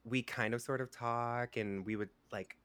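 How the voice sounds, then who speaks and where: A man's voice: medium pitch, fairly even intonation, a little slow, a bit bright, clean tone. A man telling a personal story in casual chat on a podcast, rambling with many fillers. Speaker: podcast guest.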